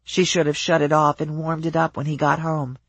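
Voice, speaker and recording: An audiobook narrator reading a novel in an even, measured storytelling voice. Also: medium pitch, no echo.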